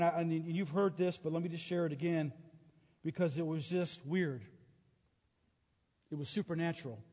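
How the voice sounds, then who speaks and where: A middle-aged male preacher shares a personal testimony in an earnest, halting way, restarting his sentences often. His voice sits a little high for a man. The sound carries a long reverb from a large hall. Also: a little mellow. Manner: earnest storytelling with many restarts. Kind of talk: sermon testimony.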